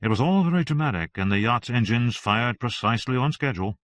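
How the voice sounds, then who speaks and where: A man narrating an audiobook in a steady, even-toned reading. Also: medium pitch, fast, no echo.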